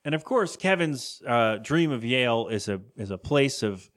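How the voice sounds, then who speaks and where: A man's voice: mid-range voice, animated, normal speed. Man, podcast co-host, casual chat, rambling, jokey, laughs a lot. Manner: rambling, joking, laughs often. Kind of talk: casual chat recapping a cartoon episode.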